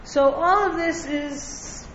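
Speaking slowly in a high, fairly bright voice, a Torah teacher gives a conversational religious class to listeners in the room. She checks in often with "right?" and chuckles between points, and the echoey lo-fi room recording carries a little hiss or hum.

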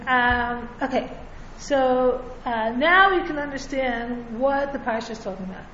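A Torah teacher with a high voice gives a religious class in a relaxed, conversational manner, speaking a little slowly and checking in with listeners through frequent "right?" The recording sounds echoey and a little dull, with faint hiss beneath it.

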